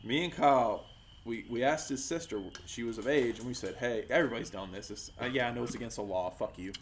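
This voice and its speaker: A man swapping stories on a casual podcast, slipping into voices and sound effects as he goes. His voice sits at an ordinary middle pitch. A faint hum runs under the recording. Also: fast talker. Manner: animated, acts out voices and sounds while telling stories. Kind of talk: casual storytelling chat.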